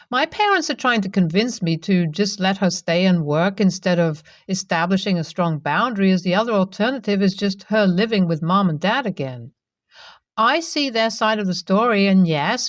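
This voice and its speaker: A woman's voice: mid-range voice, no room sound. Woman narrating a personal story, dry sound. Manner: steady, even first-person reading.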